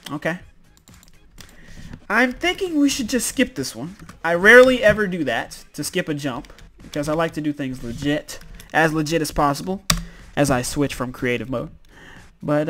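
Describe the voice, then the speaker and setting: A man with a high-pitched voice gives let's-play commentary as the host of a gaming video. He sounds exasperated, breaks into loud exclamations, and mocks himself. Faint music plays behind him. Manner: exasperated, exclaiming, self-mocking.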